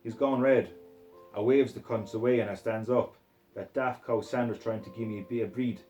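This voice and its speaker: A man's voice: on the low side, fairly even intonation, brisk, darkish tone, soft background music, poor audio. A man reading a crude novel aloud in a put-on Scottish accent, in a profane, aggressive first-person voice. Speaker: reader.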